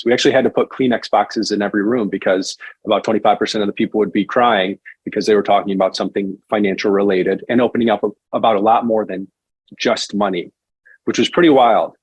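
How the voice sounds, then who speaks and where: A man, a financial advisor guest on a podcast, telling his career story in a relaxed conversational way. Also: on the low side, fast talker, slightly rough, dry recording. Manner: animated storyteller, acts out quoted voices.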